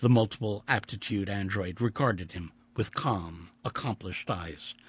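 A man reading a story aloud in an expressive, vivid storytelling way. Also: fairly low pitch, measured pace, breathy edge. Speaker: audiobook narrator. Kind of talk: dramatic audiobook reading.

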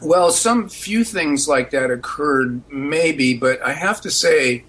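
A middle-aged man, an author being interviewed on radio, answering in a measured, thoughtful way. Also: fairly high pitch, a bit bright, husky, poor audio. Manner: measured, thoughtful, with some fillers. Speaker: author guest.

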